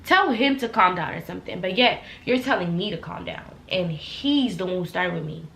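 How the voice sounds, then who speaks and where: Young woman ranting a work story, bright voice, roomy echo, acts out the quotes loud. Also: on the low side, normal speed, creaky, slight background noise. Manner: animated, heated retelling with loud acted-out quotes. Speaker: vlogger telling a story. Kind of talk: casual storytime vlog. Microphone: laptop camera. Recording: echoey room.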